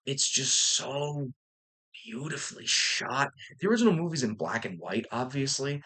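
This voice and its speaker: In a casual movie review vlog, a young man gushes about a film with a medium-pitched, animated voice that's bright and forceful at normal speed. He rambles, using fillers, restarting, and swearing casually.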